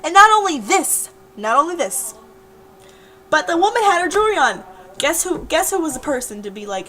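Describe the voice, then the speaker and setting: A woman's voice: sits high, big pitch swings, moderate pace, a crowd in the background, poor audio. A young woman talking casually to her webcam in a diary-style vlog, rambling and repeating herself. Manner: rambling, chatty, repeats words. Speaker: vlogger.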